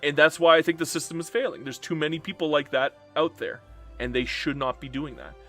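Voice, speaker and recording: A man's voice: on the high side, fairly quick, soft background music. A man streaming a strategy game live, chatting casually with his viewers and a little emotional and upset. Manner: animated, talks straight to chat, swings from joking to earnest.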